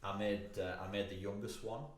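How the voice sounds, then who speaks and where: A man's voice: fairly low pitch, little pitch movement, moderate pace. A man with a British accent telling crude, sweary anecdotes in casual podcast banter, often breaking into laughter. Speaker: podcast co-host. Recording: echoey room, faint noise.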